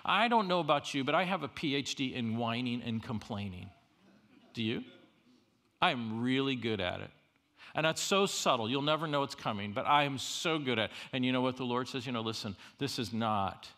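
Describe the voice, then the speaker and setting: A middle-aged man preaches with a gravelly, bright-edged voice. He is animated and humorous, punching some lines loudly and dropping others to near-hushed asides. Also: mid-range voice, normal speed. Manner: animated, swings from loud emphasis to quiet asides; humorous storytelling. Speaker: university chapel speaker. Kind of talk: preached sermon.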